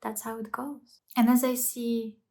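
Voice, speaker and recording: A woman's voice: on the high side, level tone, measured pace, gravelly, dark tone. A woman talking to camera in a casual, earnest self-help vlog, coaching the listener and asking rhetorical questions. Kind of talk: casual motivational talk to camera.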